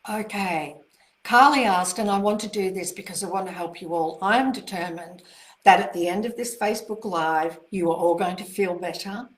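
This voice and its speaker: A woman author answers viewer questions in a casual live online Q&A, reassuring and encouraging people and gushing over their greetings. Her voice is on the low side, and the recording is rough with a roomy sound.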